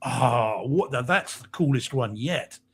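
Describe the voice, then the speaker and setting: A man's voice: mid-range voice, lively intonation, unhurried, husky. A man co-hosting a podcast in a casual live-stream chat, reading out and greeting viewer comments. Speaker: podcast co-host.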